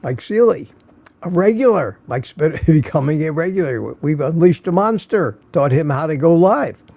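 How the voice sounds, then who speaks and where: A man's voice: a little high, expressive, normal speed, gravelly, a little mellow, no echo. An older man hosting a casual live stream, tired and a little slurred, greeting viewers by name and chuckling often. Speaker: livestream host.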